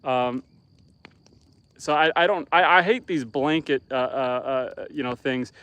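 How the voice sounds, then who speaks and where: A man's voice: medium pitch, a little slow, fairly bright tone, clear, resonant tone, no echo. A man from Northern Canada with a Canadian accent, casually chatting on a livestream from his homestead, rambling and easygoing with plenty of ums and restarts. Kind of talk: casual livestream chat, reading viewer comments. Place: outdoors at an off-grid homestead by a bonfire.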